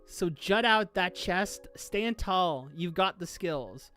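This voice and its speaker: Streamer reading as a calm mentor witch. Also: mid-range voice, takes it slowly, soft background music. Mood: encouraging. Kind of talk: reading manga dialogue aloud.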